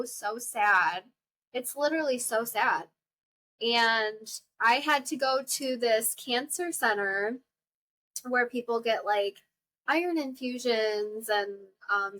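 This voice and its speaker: A young woman with a fairly high, pushed, bright voice hosts a podcast. She tells her listeners a personal story in a chatty, exclamatory style packed with fillers.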